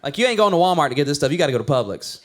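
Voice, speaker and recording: A man's voice: on the high side, sing-song, very fast, a little hiss or hum. A man in his thirties, a pastor, preaching a conversational sermon with playful storytelling.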